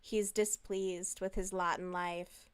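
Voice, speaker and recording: A woman's voice: lowish voice, level tone, takes it slowly, smooth. A woman talking in a casual, chatty way on a live stream, answering chat messages and swearing freely.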